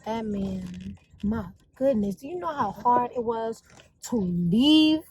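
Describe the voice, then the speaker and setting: A woman talks straight to her viewers in a casual, confessional vlog. Her voice sits a little high, and she chats in a gushing, lively way. Steady background noise and passing vehicle sounds run under her voice. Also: slow, rough recording. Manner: chatty, gushing, addresses viewers as y'all. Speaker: vlogger.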